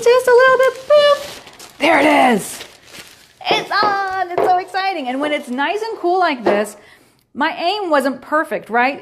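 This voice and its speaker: A middle-aged woman hosting a baking show, giving a chatty, playful cooking demonstration with little sound effects. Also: on the high side.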